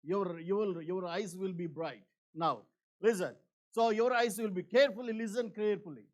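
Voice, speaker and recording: Male pastor, high-pitched, earnest and repetitive sermon delivery with frequent fillers, emphatic to hushed. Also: normal speed.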